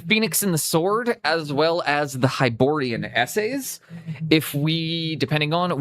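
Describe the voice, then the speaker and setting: A man's voice: mid-range voice, a bit bright. A young man with a Canadian accent chatting casually on a live stream, rambling and cutting himself off, on a cheap USB mic. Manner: rambling, self-interrupting, casual swearing. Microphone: cheap USB microphone.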